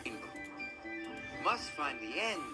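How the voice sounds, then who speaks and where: A man putting on a small, eager tank engine in a storybook, with a voice pitched well above his own and swinging up and down. He talks in excited, breathless bursts. Music plays underneath. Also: slow. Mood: hurried. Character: eager young male tank engine, impatient.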